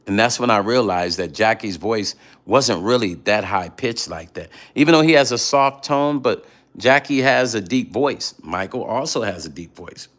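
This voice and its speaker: Middle-aged man, low-pitched voice, casual late-night vlog chat, animated storyteller. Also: moderate pace. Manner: storytelling, animated, repeats himself. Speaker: vlog host reading viewer comments.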